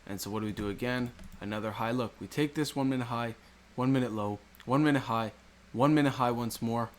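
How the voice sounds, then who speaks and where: This trading lesson comes as a screen-recorded chart walkthrough in which a man repeats the main ideas and throws out rhetorical questions. He talks a little fast at a medium pitch.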